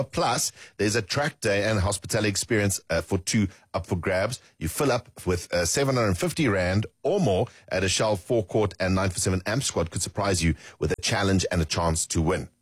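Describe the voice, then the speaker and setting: A man co-hosts on radio with a lowish, somewhat husky voice. He talks in a relaxed way and explains a competition step by step. The studio sound is dry and close. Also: brisk, few pauses, no room sound. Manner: relaxed, laughs along. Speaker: radio co-host. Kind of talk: casual radio chat and competition reading.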